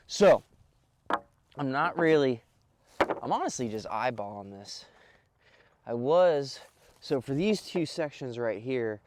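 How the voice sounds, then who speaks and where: A young man builds something outdoors on rural land, narrating a laid-back, slangy vlog into a handheld camera mic. His voice is medium-pitched and a little mellow.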